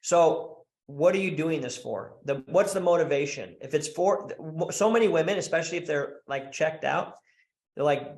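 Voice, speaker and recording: As a podcast interview guest, a coach for married men talks bluntly and profanely in a slightly high voice at a moderate pace, telling animated stories and slipping into quoted voices mid-sentence. The recording is reverberant.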